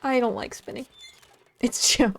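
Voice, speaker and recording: A woman's voice: fairly high pitch, husky. A woman streaming a game, thinking aloud in a chatty way and swearing freely as she plays. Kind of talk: live gameplay commentary. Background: game music.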